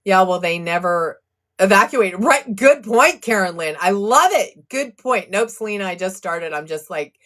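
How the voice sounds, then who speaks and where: A woman's voice: medium pitch, expressive, moderate pace, a bit bright. A woman doing casual live-stream commentary on a legal case, agitated and fired up, venting and reading viewer comments aloud. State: agitated, blood pressure up. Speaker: true crime live streamer.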